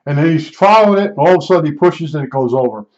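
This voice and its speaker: A man's voice: a little high, animated, rapid-fire, a little mellow. A man telling a casual, rambling anecdote, restarting his sentences often and leaning on fillers. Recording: dull lo-fi recording.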